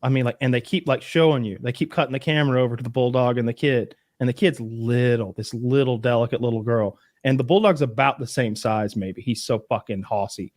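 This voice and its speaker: A man's voice: mid-range voice, a little fast, hardly any pauses, a little mellow, no room sound, studio quality. A man co-hosting a podcast, telling a rambling, profane story in casual chat. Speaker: podcast co-host.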